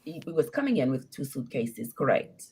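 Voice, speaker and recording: A woman tells her own story on a live call-in show, her voice swinging widely in pitch. She is animated and acts out what others said. She laughs often as she talks. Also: moderate pace, slightly rough. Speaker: caller.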